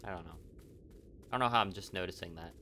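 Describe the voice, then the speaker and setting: Man, young adult, horror game commentary, jumpy, swearing, bright voice. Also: low voice, quick pace, a little hiss or hum. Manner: jumpy, swearing, talks to himself. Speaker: let's play gamer.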